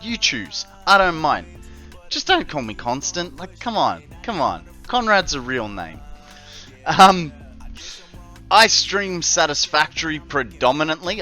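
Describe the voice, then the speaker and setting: Slow, bright Australian man streaming. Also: on the high side. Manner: jokey, chatty, many fillers. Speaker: game streamer. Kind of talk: casual live-stream chat.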